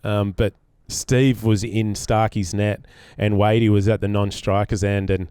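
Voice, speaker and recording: A man's voice: fairly low pitch, little pitch movement, a little slow, mellow, clean tone, no echo. An Australian man and former player telling a cricket story in casual chat, with many ums and restarts.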